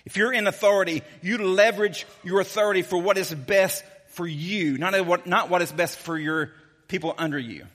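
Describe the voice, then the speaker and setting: A man preaching a sermon as a pastor, telling the story in a casual, joking, animated way. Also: sits high, moderate pace, long reverb tail.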